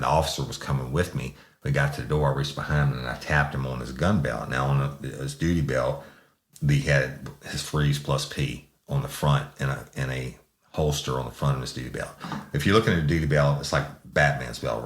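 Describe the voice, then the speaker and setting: A man's voice: very deep voice, steady tone, moderate pace. A middle-aged man, a former police sergeant, recounting a case in a profane, laid-back way.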